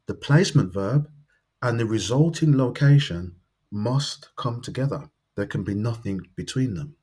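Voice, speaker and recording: A man's voice: on the low side, mellow, breathy edge. A man teaching a grammar lesson, explaining carefully and methodically with worked examples. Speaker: Chinese language teacher.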